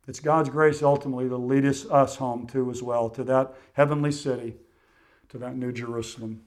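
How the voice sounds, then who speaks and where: A man preaching a sermon, earnest and measured, often dropping quietly at the ends of phrases. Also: medium pitch, steady tone. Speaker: pastor.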